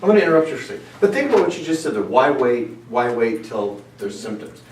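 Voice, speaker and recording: Animated man, lively pitch, echoey room. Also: quick pace, far from the mic. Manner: animated, interrupting with asides. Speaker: chiropractor host. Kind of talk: casual clinic presentation.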